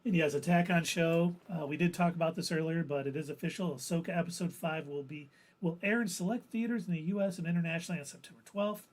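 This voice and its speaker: A man's voice: on the high side, steady tone, fast, few pauses. A man co-hosting a casual fan podcast, easygoing, reading listener comments aloud.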